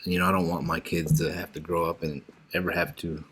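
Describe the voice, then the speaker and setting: A man with a very deep voice hosts a casual podcast interview. He speaks haltingly and cautiously, padding his questions with fillers. His voice is close to the microphone. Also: little pitch movement, a bit bright, husky. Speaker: podcast host.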